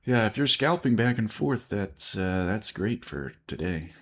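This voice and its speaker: Low-voiced man thinking aloud over charts. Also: lively intonation, unhurried, a bit bright. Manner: muttering, thinking aloud while watching charts; chewing gum. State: tired, yawning. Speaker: day trader streaming live. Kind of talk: casual live-stream commentary.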